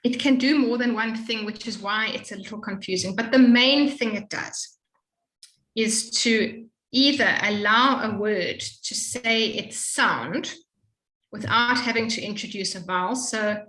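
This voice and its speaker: A woman tutoring a student in Hebrew reading, explaining patiently and slowly modeling each sound. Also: fairly high pitch, sharp tone, roomy sound, low-quality recording. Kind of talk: one-on-one reading lesson.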